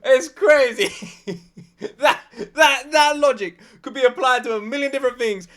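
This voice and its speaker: A British man hosting a reaction video, casual and excitable, exclaiming and laughing often. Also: extremely high pitch, moderate pace. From Britain.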